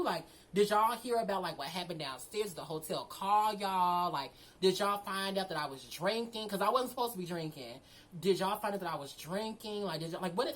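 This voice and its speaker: A young woman casually telling a story from her own life, animated, full of slang and swearing. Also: medium pitch, poor audio.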